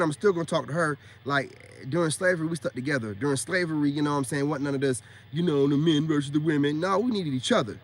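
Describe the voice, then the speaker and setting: A man's voice: on the high side, fairly bright tone. A man in a ranting monologue to his viewers, blunt and scolding as he makes his points. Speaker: online commentator.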